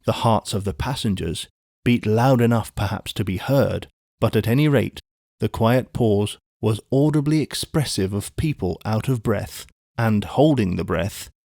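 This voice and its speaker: A man's voice: fairly low pitch, darkish tone, no room sound, clean studio sound. Man narrating a classic audiobook. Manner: measured storytelling. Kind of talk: scripted narration.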